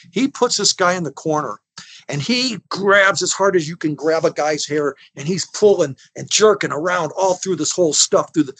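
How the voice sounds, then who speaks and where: A man in his sixties, guesting on an interview, tells stories in a folksy, rambling way, acting out the people in them with restarts and laughter. His voice is a little high, with no room sound.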